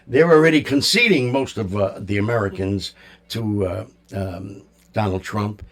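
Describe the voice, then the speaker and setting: A man's voice: lowish voice, expressive, normal speed. A man hosting a music talk show, rambling casually in an opinionated, jokey way. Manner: chatty, opinionated, jokey, lots of fillers.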